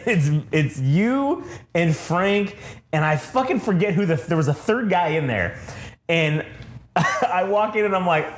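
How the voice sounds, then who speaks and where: A man's voice: high voice, animated, measured pace, echoey room, a little hiss or hum. A man co-hosting a podcast, telling a long, rambling story casually, swearing often and laughing through it. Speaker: podcast co-host.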